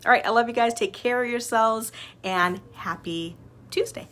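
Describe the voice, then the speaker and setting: Talking casually to camera, a small business owner shares personal growth with her followers, chatty and upbeat with many fillers. Her voice is on the high side and a bit bright, at a moderate pace.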